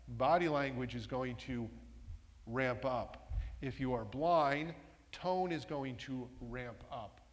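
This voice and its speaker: A man leads a workshop in a large meeting room and keeps putting questions to the audience in the room. His voice sits at an ordinary middle pitch. A long reverb from the hall trails behind every phrase. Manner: engaging, asks the audience questions. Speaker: workshop presenter. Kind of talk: interactive talk to a live audience.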